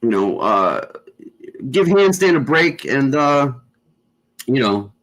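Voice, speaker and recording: A man's voice: mid-range voice, very animated, slow pace, a bit bright, rough recording. A man hosting a casual chat show, rambling with lots of fillers and constant swearing. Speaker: show host.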